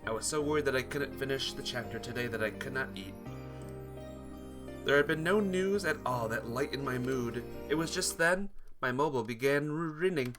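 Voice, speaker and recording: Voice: medium pitch, normal speed. A streamer reading a visual novel aloud, greeting viewers between lines. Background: guitar music.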